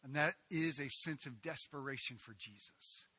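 A middle-aged man preaching a sermon, moving from loud proclaiming to quiet, halting storytelling full of restarts. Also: mid-range voice, slightly rough, no room sound. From United States. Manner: animated storyteller with many restarts and stammers. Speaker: pastor.

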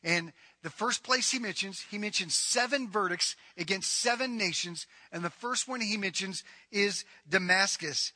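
A man's voice: sits high, moderate pace, few pauses, bright, forceful tone. A man preaching a sermon as pastor, retelling scripture in plain conversational talk. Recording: long hall reverb.

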